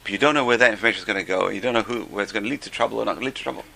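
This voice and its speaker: A man's voice: fairly low pitch, racing, creaky, bright, forceful tone. An older man teaching an informal religious class, a chatty, joking storyteller.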